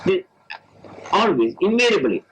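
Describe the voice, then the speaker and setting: A man from India, a spiritual teacher telling a religious story in a lively, halting lecture. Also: sits high, background noise. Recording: dull old lecture tape.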